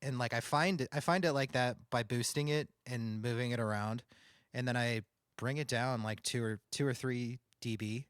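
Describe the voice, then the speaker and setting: Male streamer, nasal, mid pitch, rambling and casual, very dry close studio mic. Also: fairly even intonation, normal speed, smooth, no room sound. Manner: rambling, thinking aloud with restarts. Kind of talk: casual livestream talk about audio setup. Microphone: condenser studio microphone.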